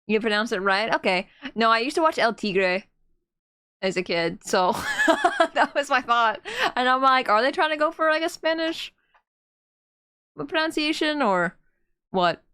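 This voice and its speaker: A woman's voice: fairly high pitch, animated, a little slow, long pauses, sharp tone, smooth, no room sound. A young woman streamer chatting casually and giggling as she plays a game and reads chat aloud.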